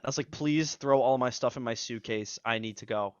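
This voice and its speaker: A man's voice: medium pitch, a little fast, few pauses, no echo. Man telling a rambling, profane party story. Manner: rambling, profane, acts out quotes. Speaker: podcast co-host. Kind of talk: casual storytelling chat. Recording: slightly dull, dry audio.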